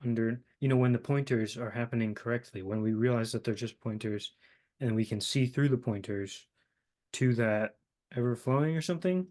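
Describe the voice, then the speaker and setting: A young man hosting a casual philosophical conversation, talking haltingly with many fillers as he searches for words. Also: medium pitch, darkish tone. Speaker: host.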